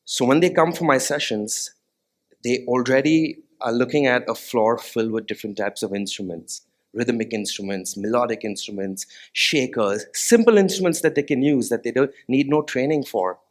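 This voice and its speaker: An earnest man speaking as a music therapist in a talk on a stage before a live audience. His voice sits at an ordinary middle pitch, and he pauses to put questions to the listeners. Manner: sings short nursery melodies as demonstrations. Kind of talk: TEDx-style stage talk.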